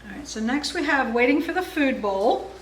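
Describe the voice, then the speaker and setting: A woman's voice: high voice, animated, normal speed, slight background noise. Friendly woman teaching dog training, roomy. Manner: friendly, explanatory, chuckles often. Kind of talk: instructional seminar talk. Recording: roomy, distant mic.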